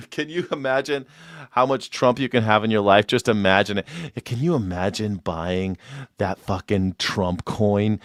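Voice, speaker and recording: A man's voice: lowish voice, clear, resonant tone, dry recording, clean studio sound. A man hosting a live stream, mocking in a sarcastic tone and laughing often.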